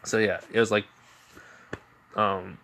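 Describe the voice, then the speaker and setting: A man's voice: on the low side, little pitch movement, slow, vocal fry, fairly bright tone, a little hiss or hum. Rambling man telling a fan story. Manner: rambling, full of "you know" and restarts. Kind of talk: improvised fan-fiction narration.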